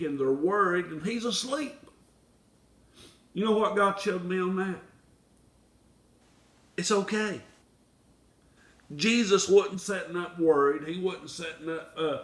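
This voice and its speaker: A man's voice: a little high, a bit bright. A male pastor preaching a folksy sermon that swells into impassioned appeals. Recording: echoey room, from far off.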